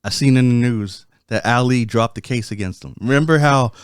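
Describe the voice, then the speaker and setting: A man's voice: mid-range voice, normal speed, smooth, no echo, clean studio sound. A man co-hosting a podcast, chatting casually, laughing often and bringing up news stories. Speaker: podcast co-host.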